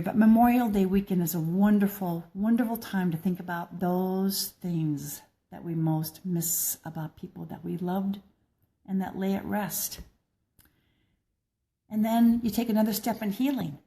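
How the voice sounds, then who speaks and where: Older woman, warm and soft-toned, sincere, unpolished personal talk with restarts. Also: medium pitch. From American Midwest. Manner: gentle, earnest, with frequent restarts. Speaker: blogger and speaker.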